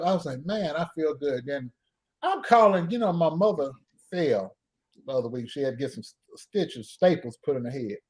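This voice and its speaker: A man's voice: fairly high pitch, darkish tone. A man hosting a live stream, rambling through a self-mocking story and acting out the dialogue. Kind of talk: casual storytelling. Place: home.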